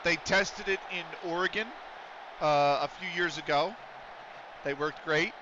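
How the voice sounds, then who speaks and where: A man's voice: fairly high pitch, a little slow, lo-fi sound, background noise. A man livestreaming a game, chatting casually with viewers, swearing freely and breaking into play-by-play calls. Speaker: streamer.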